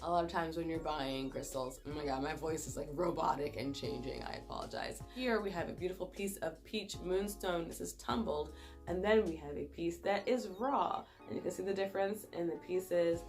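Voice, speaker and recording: A woman's voice: fairly low pitch, normal speed, darkish tone, soft background music. A young woman vlogger chatting casually as she explains things and holds up stones to the camera. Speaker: crystal vlogger. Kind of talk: casual how-to talk.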